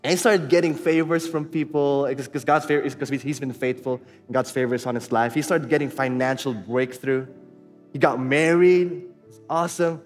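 A man's voice: medium pitch, steady tone, moderate pace. A man with a Filipino accent preaching a sermon, telling a personal story in a candid, conversational way. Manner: candid, conversational, mixing in Tagalog phrases. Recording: reverberant hall with faint music and crowd.

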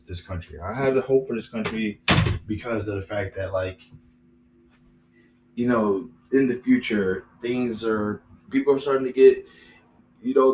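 A man's voice: mid-range voice, a little hiss or hum, rough recording. A young man hosting a solo podcast, rambling and repeating himself with lots of fillers. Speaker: podcast host.

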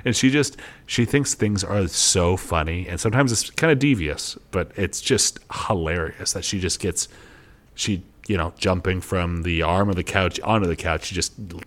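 A man's voice: deep voice, normal speed. A young man co-hosting a podcast, chatting casually and rambling, laughing often as he tells stories. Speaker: podcast co-host. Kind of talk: casual chat.

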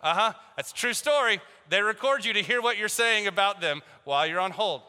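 A man's voice: sits high, animated, brisk, sharp tone, clean tone. A man preaching a sermon, telling a story and acting out both sides of a phone call with jokes. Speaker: pastor. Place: church hall. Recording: long hall reverb.

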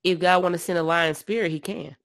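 A woman casually retelling Bible stories, slangy and animated, acting out the characters' lines. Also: lowish voice, fairly quick, dry recording, clean studio sound. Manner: animated storyteller, slangy, acts out quotes. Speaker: podcast co-host discussing scripture. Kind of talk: casual Bible discussion chat.

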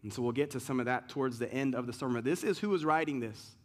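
A man's voice: medium pitch, fast. Emphatic male pastor preaching a sermon. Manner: rhetorical questions, emphatic and conversational with asides.

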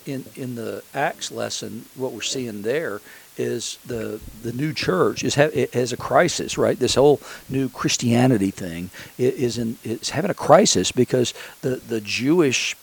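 Man, pastor, sermon, husky, gravelly, conversational with frequent restarts. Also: mid-range voice, measured pace, poor audio.

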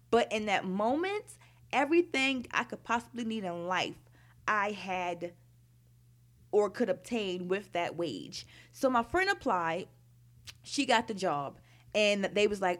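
A woman's voice: mid-range voice, animated, unhurried, a bit bright. Candid woman telling her story. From Baltimore, Maryland. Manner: frank, conversational, heavy use of "like" and "you know". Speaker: storyteller recounting her youth.

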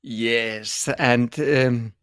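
A man co-hosting a dance podcast in casual conversation, often pausing to search for words mid-sentence. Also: medium pitch, steady tone, a bit bright, clean tone.

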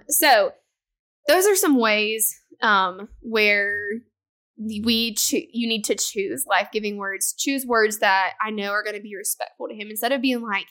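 A young adult woman co-hosting a podcast, chatting casually and acting out quoted exchanges with animation. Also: a little high. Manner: animated, acts out quoted exchanges with her husband. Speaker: podcast co-host. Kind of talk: casual chat.

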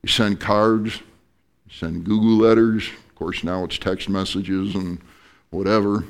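A male pastor preaching an evening sermon, animated, with joking asides to the congregation. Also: fairly low pitch, unhurried.

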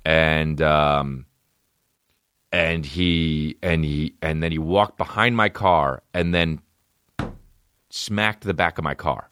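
A man's voice: a bass voice, fairly even intonation, slow, pauses often, a bit bright, clear, resonant tone, no room sound. A man in his thirties hosting a podcast, telling rambling, profane, self-deprecating stories in a casual comedic way. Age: 30s. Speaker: podcast host.

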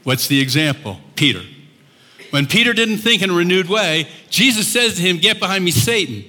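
A male pastor preaching a sermon, telling the story with animated voices and laughs. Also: high voice, moderate pace. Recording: long hall reverb.

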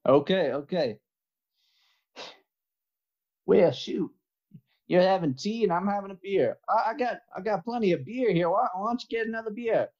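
A man's voice: high-pitched, moderate pace, long pauses, a little mellow, highs cut off, pitched above the performer's own voice, lightly acted. A man playing a brash, beer-loving Southern man with a put-on Southern drawl, chuckling and boastful. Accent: put-on American Southern.

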